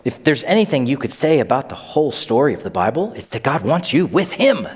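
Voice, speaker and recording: A lively male pastor delivers a sermon, his pitch swinging widely as he acts out the people he quotes. He sounds middle-aged and conversational. A long reverb from the sanctuary hangs behind every word. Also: brisk, few pauses. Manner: animated storytelling, acts out quoted voices.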